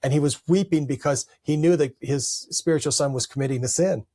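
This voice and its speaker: A middle-aged man, an Orthodox priest, telling stories in a relaxed podcast conversation and acting out quoted lines. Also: a little fast, slightly rough, no room sound. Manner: animated, acts out quoted speech with raised pitch. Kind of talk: storytelling in casual conversation.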